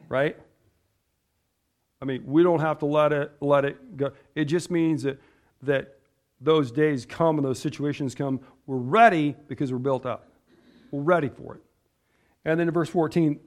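Man preacher, slightly high voice, emphatic sermon delivery, rhetorical questions. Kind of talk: sermon with scripture reading.

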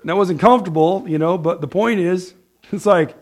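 A man's voice: high voice, brisk. A man preaching a conversational sermon as a pastor, chatty and joking, often checking in with the room with "right?". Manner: chatty, asks the room "right?", laughs at own jokes.

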